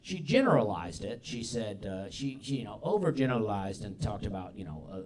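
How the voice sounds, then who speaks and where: A man's voice: on the low side, sing-song, brisk. A man in his thirties with a Southern American accent, hosting a live comedy podcast on stage with easygoing, self-deprecating storytelling. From Alabama. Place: comedy club stage before a live audience. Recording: live audience laughter behind.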